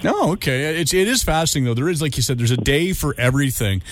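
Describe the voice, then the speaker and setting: A man hosting a radio show, chatting casually and jokingly with a guest, with quick rambling restarts. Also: a little high, big pitch swings, no room sound.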